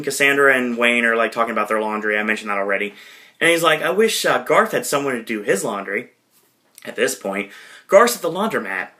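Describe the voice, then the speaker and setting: A man's voice: mid-range voice, pushed and bright. A man hosting a podcast, casually retelling a film scene by scene, rambling with many fillers and correcting himself as he goes. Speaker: podcast host.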